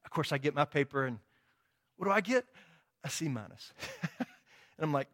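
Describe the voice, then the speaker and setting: A man's voice: on the high side, very animated, normal speed, pauses often, a bit bright. A middle-aged man preaching a sermon, telling a personal story with quoted dialogue and frequent tag questions. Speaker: pastor.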